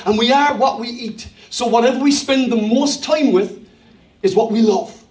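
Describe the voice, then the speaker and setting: A man preaching a sermon as pastor, animated, firing rhetorical questions and joking with the congregation. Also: extremely high pitch, normal speed. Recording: echoey room from far off.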